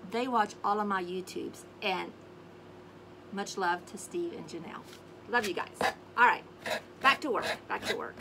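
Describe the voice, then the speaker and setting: A woman hosting a casual craft tutorial, chatting warmly to viewers and humming little scat tunes as she works. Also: mid-range voice, normal speed, long pauses, background noise. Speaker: craft video host. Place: home craft space on an acreage.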